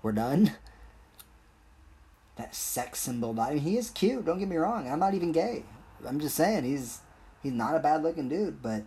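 A man's voice: mid-range voice, dark tone, breathy edge. A young man hosting a solo podcast, rambling and joking in a crude, casual way. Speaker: podcast host.

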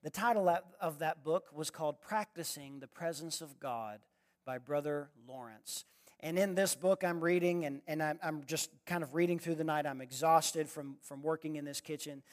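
Male speaker with a high voice for a sermon, animated and direct with the crowd, dramatic swings in volume. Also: moderate pace. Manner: animated, swings from loud exclamations to quiet asides; addresses the audience directly with questions. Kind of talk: storytelling sermon.

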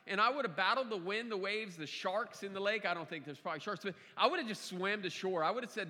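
High bright-voiced male preacher in a hall. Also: quick pace, hardly any pauses. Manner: conversational, repeats key phrases, stumbles and restarts. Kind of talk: sermon. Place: church sanctuary.

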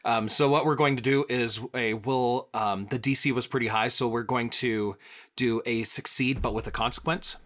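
A man's voice: mid-range voice, fairly even intonation, normal speed, fairly bright tone. A man acting as game master, narrating a tabletop role-play with many fillers and frequent laughs.

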